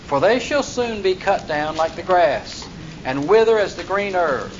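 A high-pitched man preaching, moving between solemn scripture reading and homespun explanation. The sound is dull and lo-fi. A faint hiss sits under his voice. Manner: reads verses in old-fashioned wording, then explains in plain folksy talk. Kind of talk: sermon reading and expounding scripture. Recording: dull lo-fi recording with faint noise.

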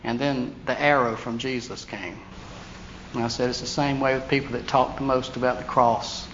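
A man preaching a storytelling sermon, animated, acting out the voices of people he quotes. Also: medium pitch, moderate pace. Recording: dull lo-fi sound with faint hiss.

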